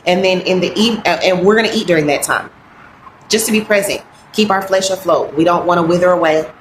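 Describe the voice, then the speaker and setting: A woman coaching on grief and wellness in a heartfelt, halting, reflective way, sounding close to tears. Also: lowish voice, background noise. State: fighting back tears. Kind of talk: earnest motivational talk. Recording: roomy echoey room.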